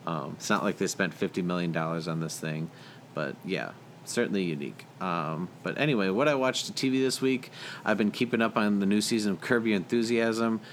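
Young male co-host, lower register, easygoing rambler, faint noise in the recording. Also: brisk. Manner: rambling, filler-heavy, chuckles often. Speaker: podcast co-host. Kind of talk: casual movie chat.

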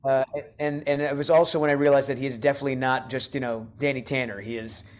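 A man, an actor who is a guest on a podcast, recalling past work in a reflective, soft-spoken way, with stammered restarts. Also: mid-range voice, fairly even intonation, fast. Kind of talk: casual chat.

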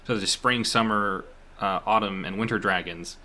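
A man's voice: on the low side, normal speed, bright, forceful tone. A young man from Eastern Kentucky chatting casually as a game master about worldbuilding, rambling with fillers and restarts.

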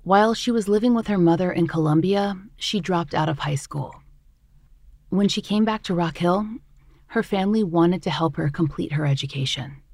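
A woman host reading scripted true-crime narration in a measured, even way. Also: fairly low pitch, no room sound, clean studio sound.

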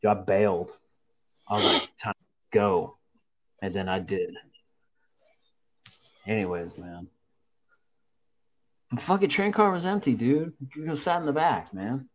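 A man's voice: on the low side, unhurried, pauses often, dull audio. A young man casually telling a story to friends, profane and slangy, acting out the people he describes. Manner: profane, slangy, animated retelling.

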